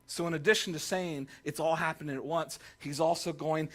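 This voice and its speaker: A man's voice: on the high side, fairly quick, hardly any pauses. A male pastor preaching a sermon to a congregation, telling jokey stories and acting out the quotes. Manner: animated, jokey storytelling with voiced quotes. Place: church sanctuary.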